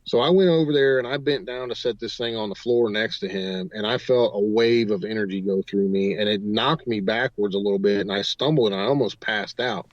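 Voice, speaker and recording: A man's voice: lowish voice, a little fast, hardly any pauses, no room sound. A man, a paranormal investigator, telling a long story as a guest on a talk radio show, rambling on from one "and" to the next. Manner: rambling storyteller, strings clauses with "and". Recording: dull, dry lo-fi audio.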